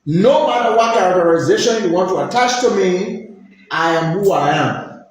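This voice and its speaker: A man's voice: sits high, lively intonation, normal speed. Emphatic man with a Liberian accent. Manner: formal, emphatic, admonishing. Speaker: university vice president. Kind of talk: press conference statement. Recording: very echoey room with faint noise.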